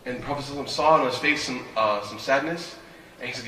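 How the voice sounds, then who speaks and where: A man's voice: mid-range voice, rapid-fire, bright, forceful tone, slight background noise. A man giving a sermon as an imam, telling stories animatedly and asking rhetorical questions. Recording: echoey hall, voice from a distance.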